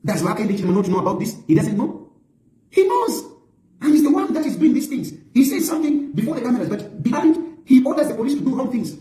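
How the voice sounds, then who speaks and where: A man's voice: extremely high pitch, sing-song, fast talker, warm tone, roomy sound, poor audio. A middle-aged man giving an impassioned political address, emphatic and repetitive as he accuses and warns. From Zambia. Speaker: opposition politician.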